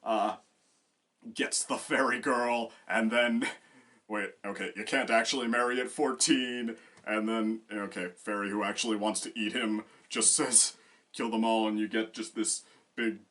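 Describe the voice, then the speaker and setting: A man's voice: fairly low pitch, fairly even intonation, measured pace. A man co-hosting a casual discussion, rambling with many fillers and restarts. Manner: bursts into loud acted quotes. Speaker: co-host.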